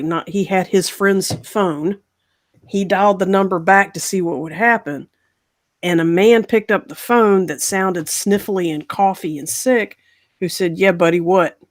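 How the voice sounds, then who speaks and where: Woman host, casual storyteller, lively, mid-pitched, slips into characters' voices. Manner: animated, acts out voices in the story. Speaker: podcast host.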